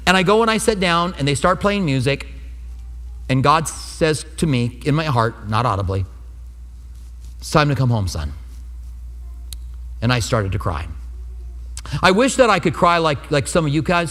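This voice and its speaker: A man's voice: high voice, a bit bright. A man preaching a sermon as pastor, telling a personal testimony in an earnest, conversational way. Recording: long hall reverb.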